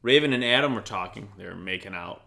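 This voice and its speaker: A man's voice: on the low side, lively intonation, quick pace, creaky, pushed and bright. A man co-hosting a podcast in casual chat, sarcastic and swearing freely. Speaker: podcast co-host.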